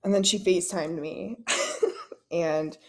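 Chatty woman podcast host, lower voice. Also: steady tone, slow. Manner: storytelling with lots of "like" and laughter; acts out quoted lines in dialogue. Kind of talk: casual chat.

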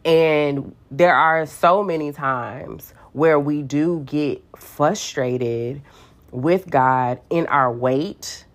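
A young woman with a low-pitched voice shares her faith in a casual, sassy way. She tells personal stories animatedly, full of slang, and acts out quoted voices. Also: drawn-out words.

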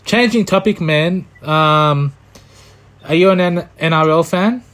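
A man's voice: fairly high pitch, slow pace, fairly bright tone. A man hosting a casual chat in a laid-back, encouraging way.

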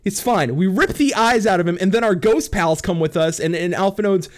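A man's voice: sits high, a little fast. A man recapping a game story as a rambling comedic rant, swearing freely, laughing often and acting out the characters.

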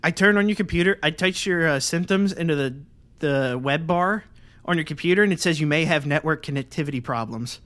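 A young man co-hosting a podcast, rambling through profane anecdotes with deadpan asides. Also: on the high side, fairly quick. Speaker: podcast co-host. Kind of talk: casual chat.

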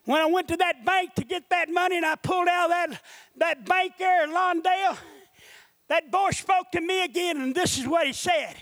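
A man preaching a sermon, telling his own story and rising into impassioned shouting. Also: extremely high pitch, moderate pace, no echo.

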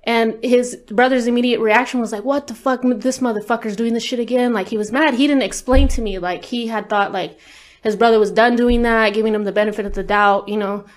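A woman's voice: on the high side, steady tone, brisk. A woman speaking as an interview guest, telling a personal story in a casual, candid way, swearing often and leaning on fillers. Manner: candid, profane, lots of fillers.

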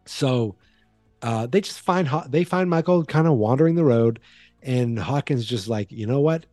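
Male podcast host, dark mellow tone, dry close sound, loose chatty recap style. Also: mid-range voice, normal speed, no echo, faint music behind. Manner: rambling, chatty, frequent fillers and restarts. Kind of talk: casual horror movie recap.

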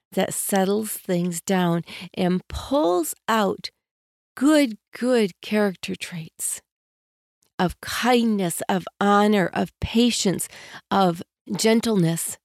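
A woman giving a spoken self-help lesson as a coach. She talks in a gentle, earnest way and varies her tone on purpose. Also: mid-range voice, dry recording, clean studio sound.

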